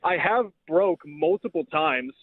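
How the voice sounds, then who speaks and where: A man's voice: on the high side, lively intonation, measured pace, dry recording. An American man calling a radio show by phone from his car, joking in a mock-indignant tone. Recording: tinny dry phone line.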